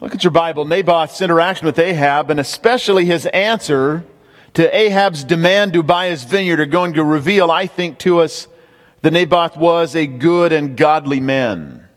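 A man's voice: a little high, moderate pace. A man preaching a sermon, emphatic, repeating key points and speaking straight to the congregation. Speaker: pastor. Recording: long hall reverb.

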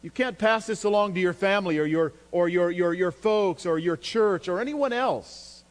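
A man preaching a sermon as a pastor, emphatic, his voice climbing in pitch and force when he drives a point home. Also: moderate pace. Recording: long hall reverb with mains hum.

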